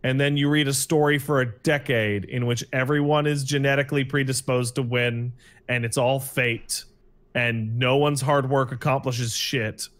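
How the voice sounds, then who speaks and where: A man's voice: mid-range voice, fairly even intonation, normal speed, a bit bright. Wry man in podcast chat. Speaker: podcast co-host.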